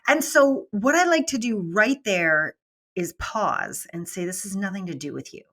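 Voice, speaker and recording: A middle-aged woman, a business mentor guest, talking in a casual, animated way and acting out quoted voices. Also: mid-range voice, moderate pace. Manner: animated, acts out quoted voices, laughs often. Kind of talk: casual interview talk.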